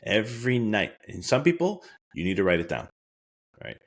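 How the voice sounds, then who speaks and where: A wellness speaker with a very deep, low voice gives a heartfelt motivational podcast talk, speaking earnestly and with emphasis at a normal speed, often repeating a key line. He is very animated, and his voice jumps much higher whenever he acts out his own thoughts.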